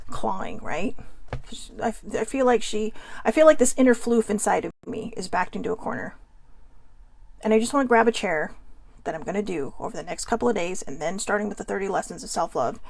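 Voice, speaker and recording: Host woman, slightly high and gravelly, candid and self-mocking. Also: dry recording. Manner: candid, rambling, self-deprecating. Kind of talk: casual self-help talk.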